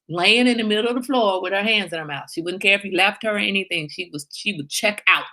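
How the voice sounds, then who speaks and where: A middle-aged woman hosting a livestream, chatting casually and emphatically with viewers and telling animated stories. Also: medium pitch, brisk, hardly any pauses. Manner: animated storyteller, emphatic, reads viewer comments. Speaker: livestream host.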